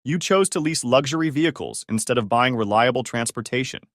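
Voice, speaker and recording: A man voicing a stern older grandfather who speaks in a measured, cutting, formal way, in a storybook reading. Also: medium pitch, expressive, a bit bright, no echo, studio quality, lightly acted. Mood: accusing.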